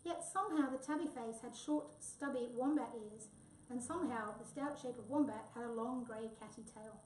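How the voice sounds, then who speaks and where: A woman reads a children's storybook aloud, lively and expressive. Her voice is somewhat high. She sounds distant, in a roomy, echoing space. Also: normal speed, a little hiss or hum. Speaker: reader. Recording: echoey room, voice from far off.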